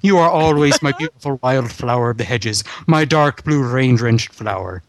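A man reading a love letter aloud slowly and earnestly for a comedy podcast. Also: medium pitch.

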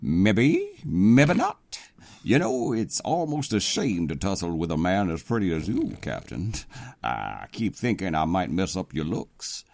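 Gravelly, low male co-host hamming up a gruff president, big swings. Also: big pitch swings, moderate pace, a little mellow, dry recording. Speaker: comedy podcast co-host. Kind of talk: comic dramatic reading.

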